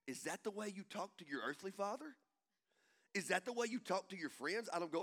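A preacher man with a high, bright, ringing voice, delivering a sermon to his congregation. He swings between soft, hushed stretches and loud, shouted peaks. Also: animated, brisk. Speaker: pastor.

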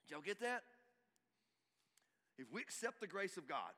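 A middle-aged male pastor, preaching a sermon emphatically, swinging from loud exhortation to hushed asides. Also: sits high, sing-song, normal speed. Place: church hall. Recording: reverberant church hall.

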